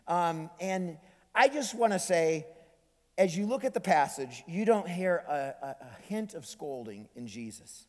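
A man's voice: a little high, a little slow. Preaching man with hall reverb. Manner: animated, swinging from loud emphasis to hushed near-whispers. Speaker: pastor. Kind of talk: sermon. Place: church sanctuary.

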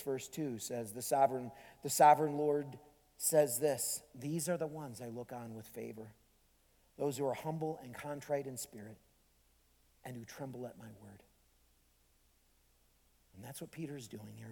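A man's voice: medium pitch, measured pace, creaky. Preaching man with hall reverb. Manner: animated, swinging from loud emphasis to hushed near-whispers. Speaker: pastor. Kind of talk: sermon. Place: church sanctuary.

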